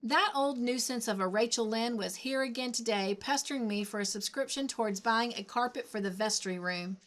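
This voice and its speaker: A grumpy older man, blunt and wrathful, grumbling in irritation, as a woman reads him aloud from a storybook. The voice stays close to the reader's own. It is plain, with no real change of pitch or tone. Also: normal speed, fairly bright tone, close to an everyday voice. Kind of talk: storybook reading.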